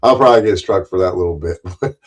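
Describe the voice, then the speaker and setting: A man's voice: low voice, fast talker. A middle-aged man hosting a casual livestream, rambling, joking crudely and laughing often. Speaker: livestream host.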